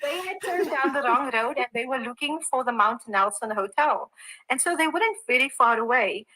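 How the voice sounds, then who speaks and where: A South African woman telling an animated story in a casual live-stream chat. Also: high voice, moderate pace, crowd noise, low-quality recording. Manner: animated anecdote teller.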